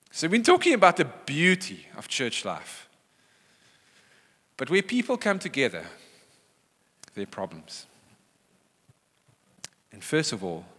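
Male preacher, lively and bright, big swings in pitch, echoing church hall. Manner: animated, acts out quoted voices. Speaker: pastor. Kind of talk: sermon.

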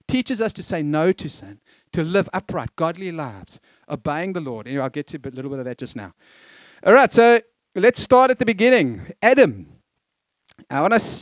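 Middle-aged guy preaching, pretty high voice, chatty with jokes, dry close sound. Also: no room sound. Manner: conversational, jokey asides, lively emphasis. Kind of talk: sermon.

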